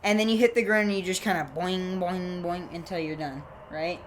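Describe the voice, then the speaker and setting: A woman's voice: fairly low pitch, steady tone, fairly quick, soft background music. A young woman co-hosting a comedy podcast, telling silly stories in a playful, rambling way. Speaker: podcast co-host. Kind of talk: casual comedic chat.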